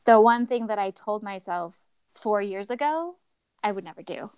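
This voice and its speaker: A woman guest telling a personal story in a lively way, acting out what others said to her. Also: mid-range voice, moderate pace, clean tone, no room sound. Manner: animated, acts out quoted voices. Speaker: podcast guest.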